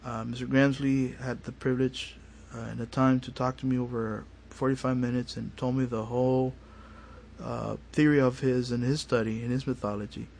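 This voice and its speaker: A man's voice: medium pitch, moderate pace, creaky, a little hiss or hum. A man, a paranormal investigator telling a story as a guest in a studio interview and acting out the family's lines. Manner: animated, acts out family dialogue. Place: radio studio.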